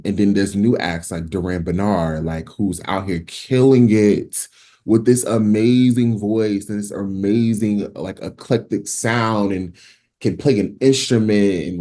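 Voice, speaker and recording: A man's voice: lowish voice, warm tone. A man from New Jersey, a singer, talking casually and animatedly in an interview, with lots of fillers and restarts. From Newark, New Jersey. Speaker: guest singer.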